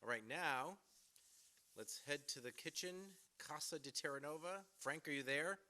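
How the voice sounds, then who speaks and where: A man's voice: fairly high pitch, moderate pace, sharp tone. A man hosting a virtual event, chatty and informal, reading out recipes and trivia questions. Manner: chatty, reads recipes aloud, eats while talking. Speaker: event host.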